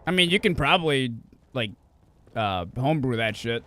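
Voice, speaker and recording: A man's voice: mid-range voice, lively intonation, moderate pace, pushed and bright. A man streaming a game, chatting casually and profanely with friends, rambling and correcting himself as he goes. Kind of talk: casual gaming stream chat.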